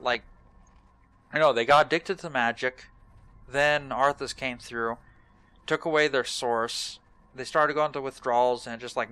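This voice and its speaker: A man's voice: medium pitch, sharp tone, clean tone, no echo. A young man giving casual, rambling gaming commentary, hesitant and self-deprecating. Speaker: let's play host.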